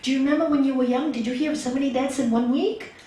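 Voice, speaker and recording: A woman's voice: high voice, rapid-fire, warm tone. A woman spiritual teacher giving an earnest talk to a gathering, asking many rhetorical questions, recorded from far off in an echoey hall. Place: meeting hall.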